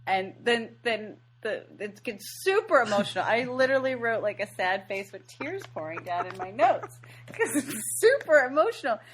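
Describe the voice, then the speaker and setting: A woman's voice: a little high, animated, normal speed, slight background noise. A woman co-hosting a movie podcast, chatting casually and leaning on "like" as a filler. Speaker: podcast co-host. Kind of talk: casual movie-recap chat.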